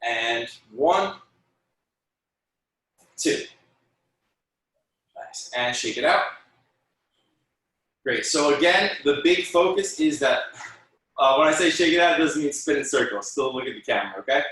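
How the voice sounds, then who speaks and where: Encouraging martial arts instructor counting moves. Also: male voice, fairly high pitch, animated, unhurried, long pauses, fairly bright tone, recorded from a distance. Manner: encouraging, counts out moves and corrects students by name. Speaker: taekwondo instructor. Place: room, teaching students over video call. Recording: very echoey room, voice from off the mic.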